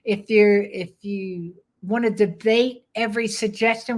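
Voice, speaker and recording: An older woman dog trainer giving a live webinar pitch, firm, direct and plainspoken. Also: fairly even intonation, unhurried, hardly any pauses, darkish tone.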